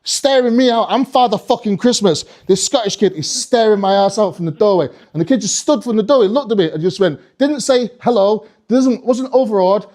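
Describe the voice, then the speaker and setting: A man's voice: sits high, brisk, few pauses, darkish tone. A male comedian telling a stand-up story in a rambling, sweary way, often restarting his sentences. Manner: rambling, sweary, self-interrupting.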